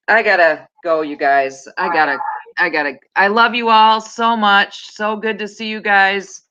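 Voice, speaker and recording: Woman, panel guest, slow easy speech, low voice, muffled call audio. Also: fairly even intonation, sharp tone, clean tone, faint music behind. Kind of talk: casual chat.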